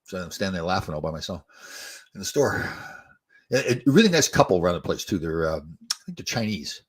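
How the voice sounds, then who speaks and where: Fast-talking husky-voiced older man. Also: low-pitched, very animated. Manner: rambling, restarts often, chuckles at own stories. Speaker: podcast host and former hockey player. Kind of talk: casual storytelling chat.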